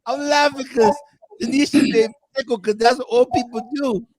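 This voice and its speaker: A man hosting a casual panel talk show, animated and laughing, repeating phrases for effect. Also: very high-pitched, a little fast, a crowd in the background.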